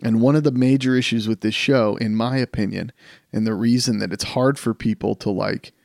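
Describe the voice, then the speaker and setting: A man co-hosting a casual podcast, telling stories in an animated, rambling way with frequent restarts. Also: mid-range voice, fairly quick, vocal fry, no echo, clean studio sound. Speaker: podcast co-host.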